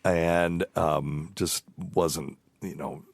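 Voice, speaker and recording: A man's voice: low voice, steady tone, extremely slow, no room sound. A middle-aged man hosting a podcast, telling a crude, rambling anecdote in casual chat. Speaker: podcast host.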